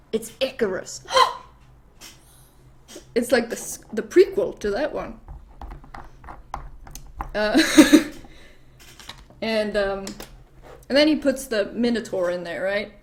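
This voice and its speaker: Woman vlogger, casual myth retelling, swears and laughs, slow and high. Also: slight background noise. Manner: rambling, swears freely, laughs, easily distracted. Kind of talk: casual myth retelling while painting nails.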